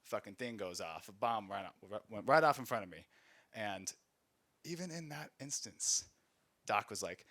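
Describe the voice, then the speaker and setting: Bright-voiced, profane storytelling comedian. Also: male voice, on the low side, animated, normal speed. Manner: rambling, profane, laughs at his own stories. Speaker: stand-up comedian and Army veteran. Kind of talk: casual storytelling comedy set. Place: small recording studio space.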